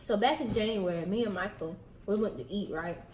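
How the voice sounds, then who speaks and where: A woman's voice: medium pitch, a little fast, a little mellow, roomy sound, a little hiss or hum, rough recording. Breathless Southern woman chatting to camera. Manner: chatty, addresses viewers directly. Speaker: vlogger host. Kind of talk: casual chat while eating.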